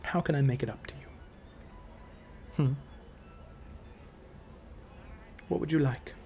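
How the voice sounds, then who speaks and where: A man voicing an elegant, possessive elven patron woman who speaks softly and coaxingly, calling others darling. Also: mid-range voice, takes it slowly, vocal fry, faint music behind. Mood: placating. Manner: purring, soft-spoken, keeps calling others darling.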